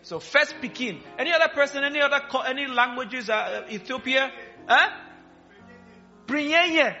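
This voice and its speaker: A man's voice: very high voice, expressive, normal speed, pushed and bright, lo-fi sound, faint music behind. A man preaching a sermon in a church, playfully quizzing the congregation and laughing with them. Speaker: pastor. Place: church hall.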